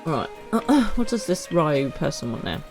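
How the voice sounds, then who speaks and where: A woman's voice: sits low, big pitch swings, measured pace, music in the background, rough recording. A woman, chatting casually while streaming a game, full of self-mocking asides. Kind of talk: live game streaming chat.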